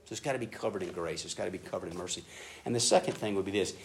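A man preaching a sermon in a casual, animated way, acting out prayers in an excited voice. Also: deep voice, racing. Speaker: pastor. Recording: echoey room with faint ambient noise.

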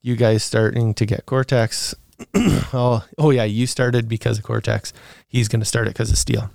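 A man's voice: mid-range voice, flat delivery, moderate pace, gravelly, darkish tone, no echo, clean studio sound. A man co-hosting a podcast, answering listener questions in a casual, rambling way with fillers and laughs.

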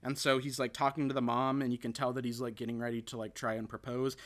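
A man's voice: medium pitch, flat delivery, quick pace, fairly bright tone. A man hosting a casual podcast chat, recapping a film in a rambling way with lots of fillers and restarts. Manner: rambling, full of fillers and restarts, quotes characters. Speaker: podcast host.

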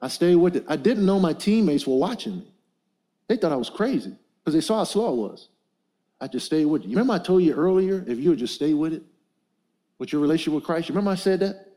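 Middle-aged man, emphatic motivational preacher, warm and fairly high voice. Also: lively intonation, quick pace. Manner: call-and-response, emphatic storytelling. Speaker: motivational speaker. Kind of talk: preaching to a men's gathering.

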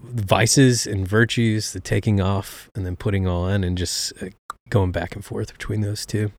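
A man who is a pastor, talking about his preaching in a relaxed, reflective way with many fillers. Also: lowish voice, a little slow, no room sound. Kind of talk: casual chat.

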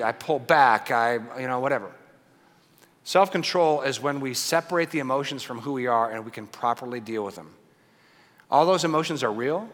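Bright-voiced male pastor in a reverberant hall. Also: a little high. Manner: conversational, frequent "right?" asides, wide swings from loud to hushed. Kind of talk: sermon.

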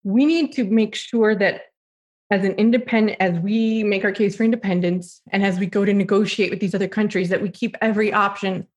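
A woman's voice: mid-range voice, steady tone, fairly quick. A woman in her late thirties, a guest in a political interview, speaking earnestly with frequent restarts. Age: late 30s.

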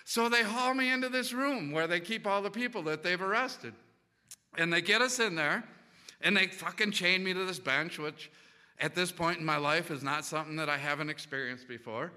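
A man's voice: high-pitched, moderate pace, pushed and bright, in a large hall. A man casually telling a rambling, profane anecdote full of restarts. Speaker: storyteller.

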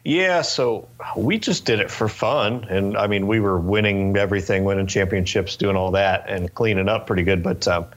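A man in his twenties from Northern California, telling stories in a relaxed interview chat with lots of fillers and restarts. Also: fairly low pitch, normal speed, hardly any pauses. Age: 20s. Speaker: interview guest, race car driver.

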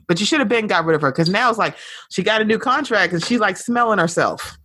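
A woman hosting a podcast, giving blunt, animated pop culture commentary and swearing freely. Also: medium pitch, fast talker, a little hiss or hum. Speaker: podcast host.

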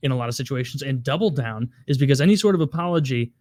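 A man's voice: medium pitch, expressive, a little mellow, no echo. A man talking bluntly and profanely about politics in a casual chat. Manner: blunt, profane, fast and emphatic.

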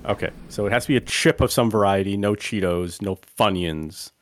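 Low-voiced man leading the chat. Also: brisk, a little hiss or hum. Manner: steers the segment, calls on co-hosts by name. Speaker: podcast host. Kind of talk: casual podcast chat.

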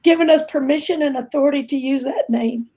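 A woman's voice: high voice, a little fast, warm tone, a little hiss or hum. A woman guest on a faith talk show, speaking earnestly and emphatically.

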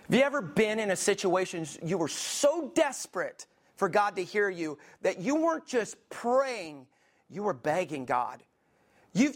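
A man delivers a sermon from the pulpit as pastor. He preaches with passion, talking the way one talks with friends, and keeps turning to his listeners with questions. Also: high voice. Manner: impassioned, conversational preaching with many asides to the congregation.

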